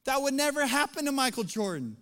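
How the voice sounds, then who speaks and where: A middle-aged pastor with a very high-pitched voice preaches a sermon in a church sanctuary, brisk, pushed, and bright, with big pitch swings. He starts conversational and joking, then builds to emphatic points. The large church hall adds long reverb.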